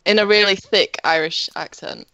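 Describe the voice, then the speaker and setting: A woman's voice: mid-range voice, normal speed, bright, forceful tone, dry recording, dull audio. A woman co-hosting a live podcast, teasing and laughing in casual chat. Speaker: podcast co-host.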